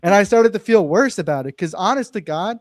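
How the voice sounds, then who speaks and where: A man's voice: high voice, lively intonation, a little fast, darkish tone, dry recording, clean studio sound. A young man, a real estate investor, earnestly telling a personal story as a podcast guest. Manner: earnest, emphatic, swears it's true. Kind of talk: casual interview storytelling.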